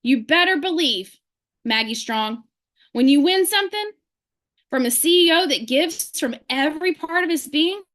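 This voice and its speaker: On a video call with her sales staff, a woman gives a fervent motivational talk full of rapid rhetorical questions. Her voice sits high and sounds expressive and a bit bright.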